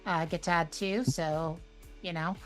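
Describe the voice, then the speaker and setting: A woman playing a tabletop game describes her character's moves in a low, casual voice. She leans on "like" as she talks, and faint music sits behind her. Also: steady tone, normal speed, a bit bright, poor audio. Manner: casual, uses "like" often. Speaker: player.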